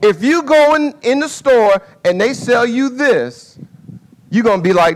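A man preaching a sermon with an object lesson, in a folksy way that swings from quiet asides to loud dramatic calls. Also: very high-pitched, expressive, a little slow.

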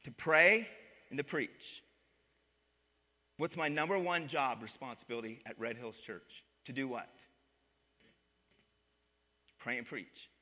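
A man's voice: medium pitch, fairly even intonation, measured pace, sharp tone, long reverb tail. A man preaching a sermon as pastor, calling on the congregation to answer back and repeat his words. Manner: call-and-response preaching, asks the congregation to repeat. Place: church sanctuary.

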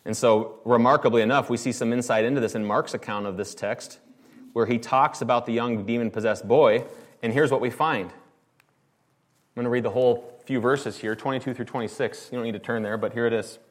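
A man delivering a sermon at a mid-range pitch for a man. He preaches in a conversational yet emphatic way and keeps putting rhetorical questions to his listeners. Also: fairly even intonation, a little fast. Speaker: pastor.

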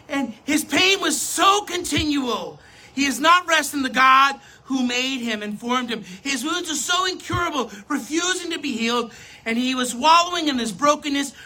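A preacher giving a sermon, talking straight to the audience, swinging between loud emphasis and soft asides. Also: high voice. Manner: addresses the audience directly, self-correcting.

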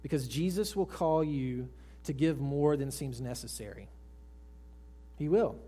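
A male pastor preaching to a congregation, swinging from raised emphatic lines to hushed soft ones and putting questions to his listeners. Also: mid-range voice, unhurried. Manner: asks the congregation direct questions. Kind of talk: sermon. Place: church service with congregation.

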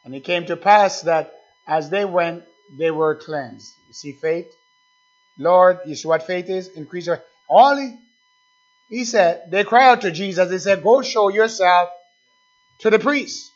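Male preacher, slow deliberate sermon delivery building to fervent calls, dull low-fi recording. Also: soft background music. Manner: preaching with rising, fervent calls and quiet asides.

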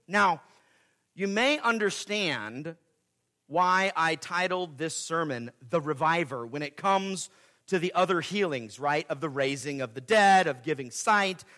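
A man preaching a sermon as pastor, swinging between loud emphatic peaks and quiet asides, repeating key phrases. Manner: dramatic swings in pitch and loudness, emphatic repetition.

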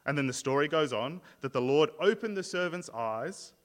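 A male pastor preaches in a fairly high, expressive voice at normal speed, earnestly explaining his points. He often repeats words and restarts mid-sentence, and the long reverb of a large church hall fills the sound.

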